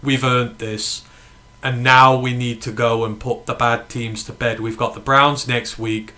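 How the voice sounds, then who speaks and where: Bright-voiced excited man hosting. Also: medium pitch, measured pace. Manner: excited, emphatic, swears freely. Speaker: fan podcast host. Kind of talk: casual live watch-along chat.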